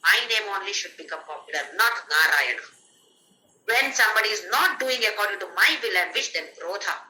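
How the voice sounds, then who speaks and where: A woman's voice: medium pitch, expressive, a little fast, bright, forceful tone, roomy sound, slight background noise, rough recording. A woman with an Indian English accent, explaining scripture in an earnest, emphatic teaching talk. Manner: earnest, emphatic, chants verses in a sung tone. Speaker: spiritual teacher.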